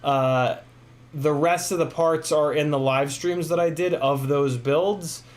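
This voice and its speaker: A man hosting a casual live stream, rambling with many fillers, reading chat messages aloud, a bit hoarse from talking. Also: on the high side, steady tone, slow pace. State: losing his voice. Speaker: livestream host.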